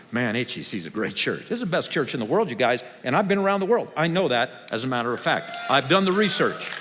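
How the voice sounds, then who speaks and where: Man preaching with lively emphasis. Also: mid-range voice. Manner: conversational, wry preaching that builds to raised emphatic passages. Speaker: pastor. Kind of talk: sermon. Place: large church hall. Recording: long hall reverb.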